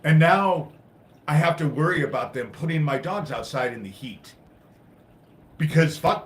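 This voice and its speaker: On his own live stream, an exasperated host swears freely as he swings from loud bursts to quiet muttering, leaving long pauses. His slightly high voice has lively intonation at a normal speed. The room is echoey and reverberant.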